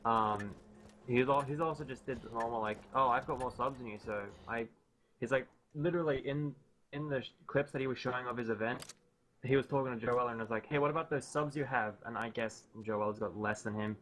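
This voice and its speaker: A man's voice: medium pitch, fairly quick, a bit bright, slight background noise, rough recording. Annoyed young man ranting on voice chat. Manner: annoyed, rambling, swears a lot, many fillers. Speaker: gamer ranting on a group voice chat. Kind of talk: casual angry rant over voice chat.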